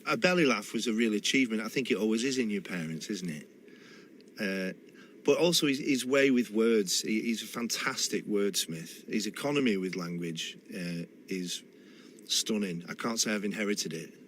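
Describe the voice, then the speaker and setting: A man's voice: lowish voice, moderate pace, fairly bright tone, slight background noise. Thoughtful Manchester man telling family stories. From Manchester, England. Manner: thoughtful, with hesitant restarts. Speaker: guest. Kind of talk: reflective storytelling in a radio interview.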